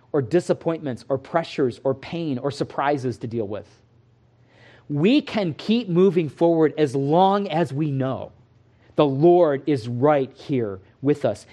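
A man preaching a sermon, teaching from scripture in an earnest, emphatic way, slowing down to stress key words and explaining Greek terms. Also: fairly high pitch, a little mellow.

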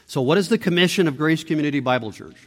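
A male pastor preaching with emphatic swings from loud, driving peaks down to hushed, low-spoken lines. His voice sits a little higher than most men's and rings with the long reverb of a church hall. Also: animated, very fast. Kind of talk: sermon. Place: church sanctuary.

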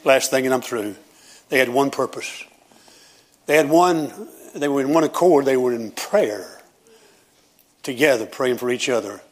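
A man preaching a sermon as pastor, with a Southern preacher cadence, rising at times into loud shouting praise. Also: unhurried, long pauses. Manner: builds to high, shouting preaching.

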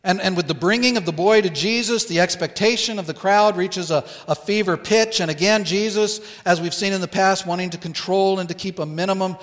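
A man preaching a sermon as pastor in a church, earnest and deliberate, pausing to stress key words. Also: sits high, fairly bright tone, in a large hall. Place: church sanctuary.

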